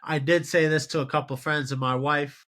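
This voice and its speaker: A man in his twenties hosting a solo sports show, giving animated, exasperated commentary on game results. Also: on the high side, moderate pace. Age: 20s. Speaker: podcast host.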